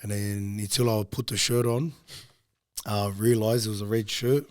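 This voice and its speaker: A young man, a podcast guest, casually telling a long personal story in a low-key, rambling way with frequent ums. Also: fairly even intonation, moderate pace, no room sound, clean studio sound.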